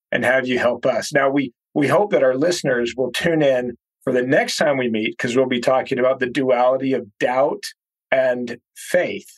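Guy hosting a podcast, kinda husky voice, wrapping up the episode. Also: mid-range voice, low-quality recording. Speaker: podcast host. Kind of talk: podcast interview host.

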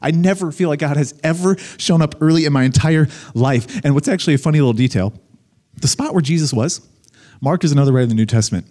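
A young adult man, a pastor, giving a conversational, animated sermon to a congregation. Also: fairly high pitch, fast.

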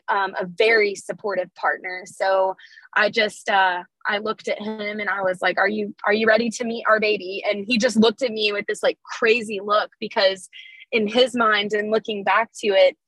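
A woman's voice: medium pitch, fairly bright tone, no room sound, poor audio. Woman, midwife, heartfelt personal story, filler-heavy, dry recording. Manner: heartfelt, emotional, many fillers. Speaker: traditional midwife, guest.

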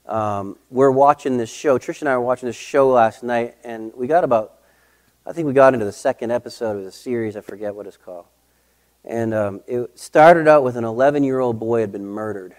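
A middle-aged man preaching a sermon as pastor, emphatic, repeating key phrases and slowing down to stress them. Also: mid-range voice, darkish tone.

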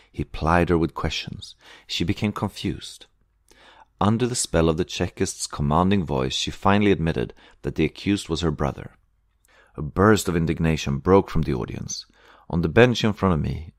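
A man narrating an audiobook with a very deep voice in a measured, steady way. The recording is dry and close with no room sound. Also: creaky, dry recording. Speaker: reader.

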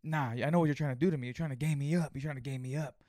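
A man's voice: mid-range voice, steady tone, fairly quick, creaky, mellow, no room sound, studio quality, close to an everyday voice. A man playing an agitated, hostile young male store customer who talks in a brash, confrontational way.

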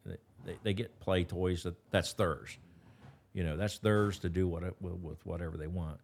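A West Virginia dog trainer with an Appalachian accent speaks as a guest in a casual interview, rambling in a folksy way and restarting often. His voice is low and fairly even, moving at a moderate pace over a slight hiss or hum.

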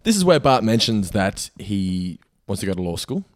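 A young man co-hosting a podcast, quickly and animatedly recapping an episode in casual chat. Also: on the low side, big pitch swings, no room sound, studio quality. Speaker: podcast co-host.

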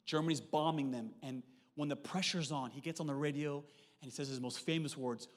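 A man's voice: a little high, a little fast. A man in his thirties preaching a joking sermon full of movie references and acted-out lines. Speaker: pastor.

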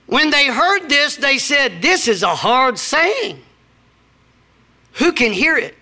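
A man's voice: very high voice, sing-song, takes it slowly, long pauses, bright, forceful tone. A middle-aged man, preaching a sermon with scripture readings and personal stories. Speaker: pastor.

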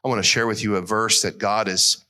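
Man, middle-aged pastor, sermon, earnest and emotional, bright tone. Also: fairly even intonation, brisk. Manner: earnest, emotional preaching that rises high when moved.

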